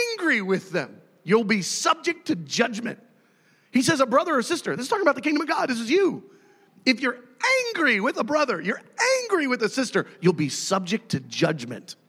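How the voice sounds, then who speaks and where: High-voiced preacher guy, super lively delivery, acting out voices, big hall echo. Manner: animated, acts out voices, shouts and jokes. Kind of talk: sermon.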